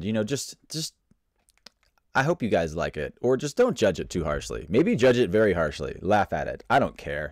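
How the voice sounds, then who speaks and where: Male streamer, casual and self-mocking, very animated pitch, dry close-miked sound. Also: dry recording. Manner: playful, rambling, self-mocking, reads out chat comments. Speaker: live stream host. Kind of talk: casual live stream chat, greeting viewers.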